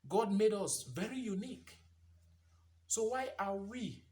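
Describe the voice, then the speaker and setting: Preachy man with a lively pitch. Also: measured pace. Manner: preachy, asks rhetorical questions, repeats phrases for emphasis. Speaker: vlogger. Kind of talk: impassioned commentary monologue.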